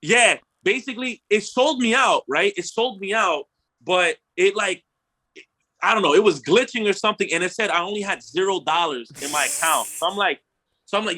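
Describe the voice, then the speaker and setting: Casting: young male podcast host, high and bright, animated slangy storyteller who swears freely. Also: moderate pace. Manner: animated storyteller, slangy, swears, acts out his own quotes. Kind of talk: casual storytelling chat.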